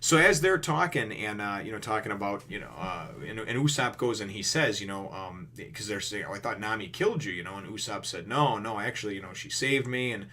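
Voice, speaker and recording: Rambling man recapping a comic, bright voice. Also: fairly low pitch, fairly quick, hardly any pauses. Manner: rambling, filler-heavy, with many "you know"s. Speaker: manga reviewer. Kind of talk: casual chapter recap.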